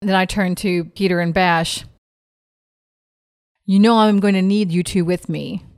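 A woman playing a tabletop role-playing game, animated and laughing often as she slips into character. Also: lowish voice, a little slow, dry recording, studio quality. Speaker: player.

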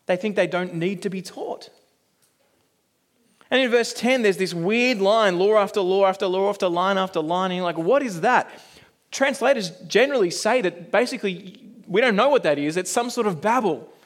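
High-voiced earnest male preacher. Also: a little fast, few pauses. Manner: earnest, conversational, rhetorical questions. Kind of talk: sermon.

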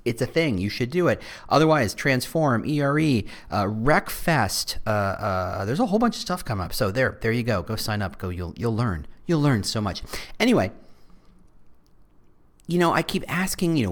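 A man's voice: big pitch swings, normal speed. A man hosting a podcast in a casual, rambling monologue, often breaking off and restarting his sentences. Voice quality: fairly high voice by his own account. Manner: chatty, rambling, self-interrupting. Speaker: podcast host.

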